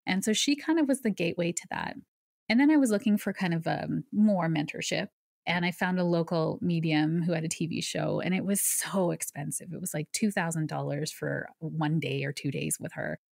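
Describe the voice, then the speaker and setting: A woman's voice: deep voice, moderate pace, gravelly, dry recording, studio quality. A woman guest on a podcast, a psychic medium, telling her story and explaining ideas in an earnest, conversational way. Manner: earnest, explanatory, with lively asides.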